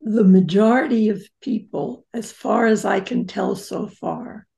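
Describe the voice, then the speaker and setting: A woman's voice: mid-range voice, steady tone, measured pace, gravelly, dark tone. An older woman, a psychotherapist guest in an interview, telling personal stories in a reflective and emphatic way. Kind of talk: interview storytelling.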